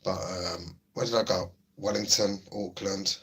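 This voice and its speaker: Low-pitched yet fairly bright, with a breathy edge, this middle-aged man's voice stays steady and unhurried. As a livestream host he reads the chat and replies to viewers in laid-back, chatty banter, tending to repeat himself.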